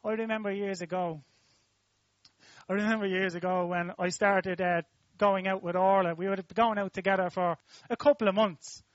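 An Irish man preaches in a very high voice, spinning personal stories into his sermon. He talks conversationally, then swells into loud, emphatic declarations. The sound is dull and dry, with no room around it. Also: steady tone, normal speed, no echo.

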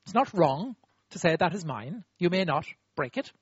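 A man preaching a sermon in an animated, demonstrative way, acting out apologies and getting the audience to repeat after him. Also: sits high, moderate pace, breathy edge, dry recording, dull audio.

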